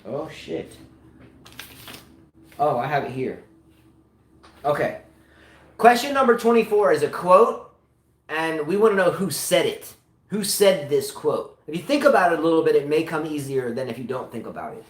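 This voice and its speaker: A man's voice: fairly high pitch, big pitch swings, normal speed, pauses often, echoey room. A man hosting a live-stream tennis quiz in a casual, joking way, often repeating himself in a hurry.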